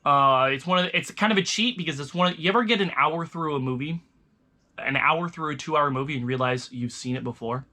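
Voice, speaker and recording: A young man talks casually to camera, rambling loosely and starting his sentences over. His voice is bright and forward, pitched a little high for a man. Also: a little fast. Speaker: vlogger reviewing movies. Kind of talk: casual chat.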